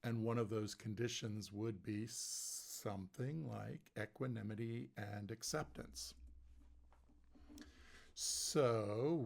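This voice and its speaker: Man, meditation teacher, gravelly, unhurried, gentle, some hesitant fillers, online class. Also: mid-range voice. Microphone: online class, video call.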